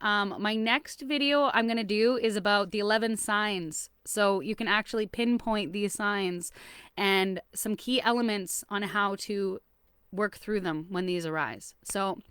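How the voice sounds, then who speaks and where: Lively woman giving relationship advice. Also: medium pitch, clean tone, dry recording, clean studio sound. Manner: lively, laughs often, acts out little scenes. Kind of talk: casual advice talk to camera.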